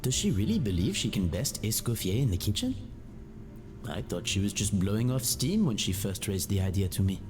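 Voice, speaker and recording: An actor playing a courteous male hotel manager in a game, speaking in a polite, measured, formal way. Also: on the low side, very animated. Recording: game audio with reverb and music.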